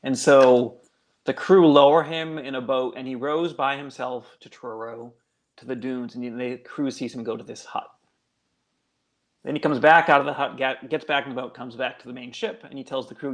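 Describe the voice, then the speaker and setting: A man's voice: mid-range voice, moderate pace, vocal fry. A male guest author telling a local legend in a casual, chatty way, full of fillers. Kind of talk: casual storytelling.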